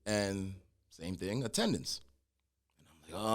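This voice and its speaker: This is a middle-aged man talking casually as a guest, with a somewhat low-pitched voice. He is an animated storyteller who slips into the voices of the people he quotes. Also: unhurried, pauses often. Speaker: guest, clothing brand founder.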